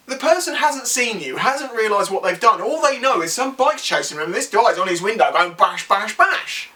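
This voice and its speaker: A man's voice: high-pitched, normal speed, few pauses, bright, forceful tone, recorded from a distance. A man, a motorcycle vlogger giving a frank, exasperated opinion to camera and sometimes acting out other riders. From England. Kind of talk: casual opinion rant to camera.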